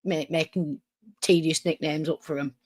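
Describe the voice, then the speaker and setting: Woman, reaction streamer, sarcastic, profane, low-pitched, dry recording. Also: fairly even intonation, normal speed, darkish tone, dry recording. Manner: sarcastic, sweary, talks back at the clip. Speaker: streamer host. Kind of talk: reaction commentary.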